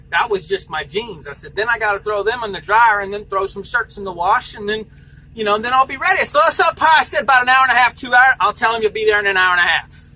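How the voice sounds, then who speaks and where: A man's voice: high voice, sharp tone, slight background noise, rough recording. A man working as a truck driver, venting angrily in a vlog, swearing and retelling heated phone calls.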